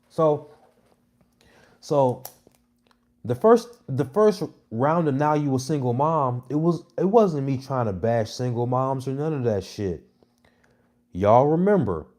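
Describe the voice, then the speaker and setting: A brash man in his thirties talks straight to his audience in a casual, provocative monologue. His pitch sits mid-range for a man, and he swings from loud, mocking jabs to low, muttered asides. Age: 30s. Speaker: comedy content creator.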